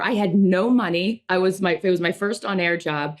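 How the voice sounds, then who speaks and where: In this casual podcast chat, a woman in her thirties co-hosts, speaking at a moderate pace in a mid-range voice. She rambles emotionally and restarts her sentences often.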